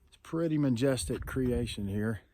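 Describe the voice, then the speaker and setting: A man's voice: mid-range voice, moderate pace, mellow, slight background noise. A middle-aged man, talking in a friendly, rambling, folksy way in a casual vlog while outdoors on a canyon hiking trail. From Texas. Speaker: vlogger.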